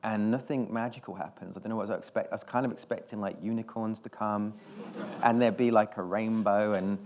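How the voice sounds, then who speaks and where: A British film director telling stories on stage in an interview, rambling and self-deprecating, with many restarts. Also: male voice, on the low side, steady tone, a little fast, dull audio, a little hiss or hum. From Britain.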